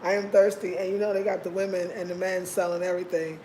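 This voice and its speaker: A woman hosting a casual vlog, talking in an expressive, emphatic way and laughing often. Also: on the low side, fast, slight background noise, poor audio. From United States. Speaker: vlog host.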